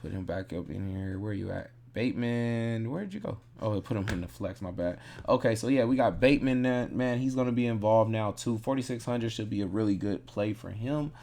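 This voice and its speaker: A man's voice: lowish voice, brisk, few pauses, mellow. A man casually breaking down fantasy football picks, thinking aloud in a laid-back, rambling way and correcting himself as he goes.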